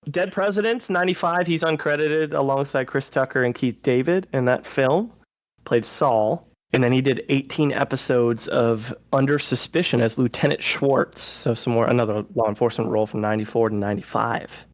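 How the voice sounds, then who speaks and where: A man co-hosting a movie podcast, talking through plots in animated, casual chat. His voice sits in a middle register, and the recording is dry and close with no room sound. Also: medium pitch, normal speed, no room sound, poor audio. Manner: animated, recaps plots with acted-out quotes. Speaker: podcast co-host.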